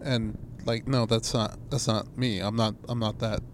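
A young man telling stories in casual chat, animated and swearing, acting out quotes in a raised voice. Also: lowish voice, normal speed, slight background noise. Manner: animated storyteller, swears, acts out quotes loudly.

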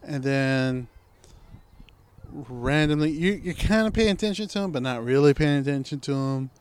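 A man with a smooth, resonant, somewhat high voice chatting on a podcast. He rambles in loose slang at an easy, laid-back pace. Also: animated, moderate pace. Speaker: podcast co-host. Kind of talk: casual podcast chat.

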